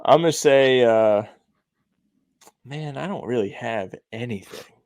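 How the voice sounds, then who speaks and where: A man's voice: medium pitch, unhurried, darkish tone, no room sound, clean studio sound. A young man co-hosting a casual sports podcast, laid-back and self-deprecating, with many "like"s. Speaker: podcast co-host.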